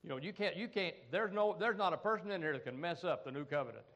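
Folksy preaching man, fairly high voice. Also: fast talker, fairly bright tone, lo-fi sound. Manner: folksy, call-and-response asides, frequent "amen" and "come on". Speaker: pastor. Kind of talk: sermon.

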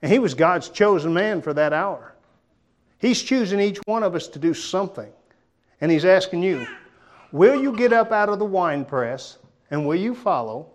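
A male preacher giving a sermon in a conversational, folksy way, often dropping to a quiet, emphatic tone. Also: high-pitched, expressive, normal speed.

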